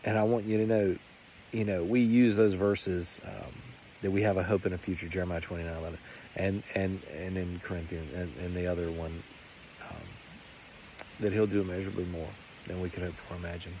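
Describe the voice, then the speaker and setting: Earnest low-voiced man sharing his faith. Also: little pitch movement, brisk, mellow, slight background noise. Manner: earnest, rambling, many restarts. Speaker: faith vlogger. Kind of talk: personal faith testimony.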